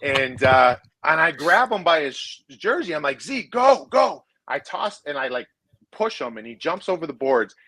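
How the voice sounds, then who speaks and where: A man's voice: fairly high pitch, animated, moderate pace, sharp tone, slight background noise, rough recording. A man, a former hockey player, casually telling rambling locker-room stories full of restarts and swearing. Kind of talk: casual storytelling chat.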